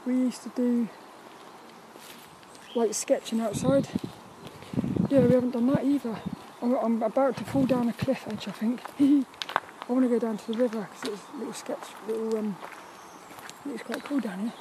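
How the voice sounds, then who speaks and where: A vlogger with an English accent chatting quietly and rambling while walking by a river in the woods. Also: medium pitch, steady tone, moderate pace, noisy background. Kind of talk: casual walk-and-talk vlog. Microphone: camera carried while walking.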